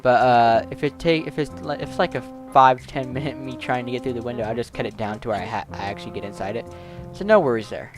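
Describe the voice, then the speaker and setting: A man's voice: medium pitch, fast talker, few pauses. A man giving casual gameplay commentary, rambling with many fillers as he plays. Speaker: let's play gamer. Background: game music.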